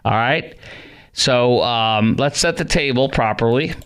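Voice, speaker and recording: A man's voice: medium pitch, measured pace, a bit bright, smooth. Sarcastic talk radio host, man. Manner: sarcastic, rambling, mocking.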